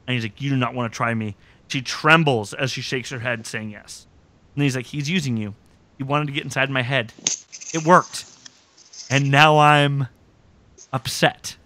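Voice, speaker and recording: A podcast host with a medium-pitched, brisk voice recaps episodes in casual chat, recorded with no echo. He tells the stories with animation and quotes scenes with joking relish.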